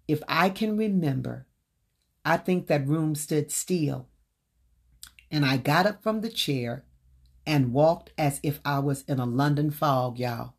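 A woman's voice: low voice, slow pace, breathy edge. A woman earnestly telling a personal story from her own book, speaking straight to her listeners. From Southern United States.

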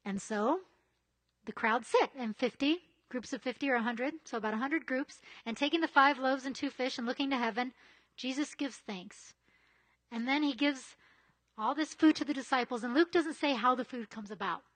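Chatty high-voiced woman preaching. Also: moderate pace, fairly bright tone. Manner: conversational, chatty asides, often asks "right?". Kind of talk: casual sermon.

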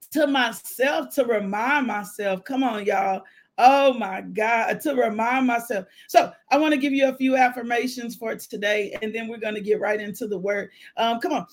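A woman hosting a devotional podcast, preaching with exuberant shouts, whoops and call-and-response. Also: fairly high pitch, normal speed.

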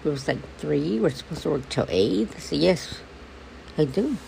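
A man in a casual venting monologue, rambling and swearing, swinging between hushed mutters and angry outbursts. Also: a little high, expressive, moderate pace, gravelly. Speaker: vlogger. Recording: noisy background.

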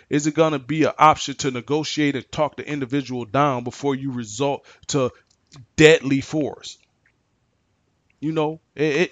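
A man's voice: on the high side, bright, forceful tone, no echo, dull audio. A man giving his opinion in an unscripted monologue, firing off rhetorical questions, often stumbling and restarting his words as he presses his points. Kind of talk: unscripted monologue on current affairs.

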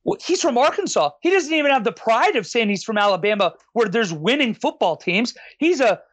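A man's voice: very high voice, sing-song, fairly quick, fairly bright tone, breathy edge, dry recording. A man co-hosting a sports podcast, stumbling and restarting as he works through his points. His comments come with a sardonic edge. The voice is recorded dry, with no room sound. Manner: hesitant, restarts often, then sardonic. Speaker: podcast co-host. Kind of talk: casual sports podcast chat.

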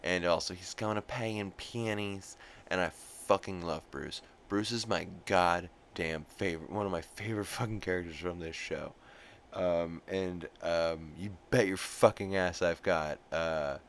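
Low-voiced man, rambling casual chat. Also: steady tone, a little slow, a little hiss or hum. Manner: rambling, profane, full of fillers. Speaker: podcast host recapping an episode.

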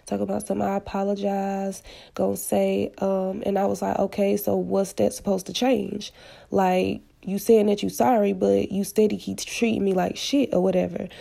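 A woman's voice: medium pitch, flat delivery, normal speed, creaky, warm tone. A woman casually retelling a personal story with blunt, slangy, profane candor. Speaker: podcast storyteller.

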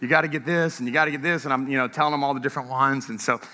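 A man's voice: mid-range voice, fairly even intonation, racing, pushed and bright. A man preaching a sermon, telling stories with energy and laughing often. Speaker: pastor. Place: church sanctuary. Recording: long echo of a large church hall.

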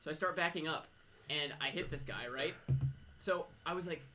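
A man co-hosting a casual podcast chat, telling a story quickly and chattily. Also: on the high side, pushed and bright, a little hiss or hum. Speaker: podcast co-host.

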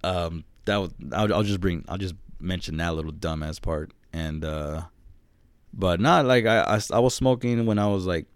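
A man's voice: low voice, normal speed, clean tone, no echo. A man in his twenties co-hosting a podcast, telling a story in a laid-back way, swearing and laughing often. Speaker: podcast co-host. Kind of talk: casual chat.

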